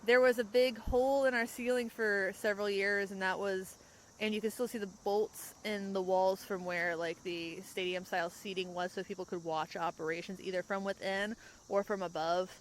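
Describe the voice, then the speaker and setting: A young woman hosting a podcast in casual chat, rambling and quick to laugh. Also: mid-range voice, steady tone, a little hiss or hum, poor audio. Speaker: podcast host. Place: outdoors, in a parked car.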